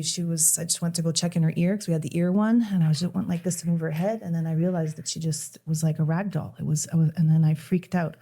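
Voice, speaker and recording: A middle-aged woman telling a painful personal story on a podcast, emotional and halting, often restarting her sentences. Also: lowish voice, creaky, warm tone. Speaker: podcast guest. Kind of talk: conversational podcast.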